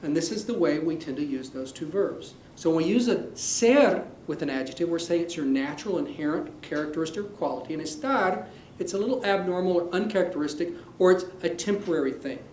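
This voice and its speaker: A man teaching a Spanish lesson in an animated, playful way, acting out little scenes for his students. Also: a little high, brisk. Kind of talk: classroom lesson. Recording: echoey room with faint noise.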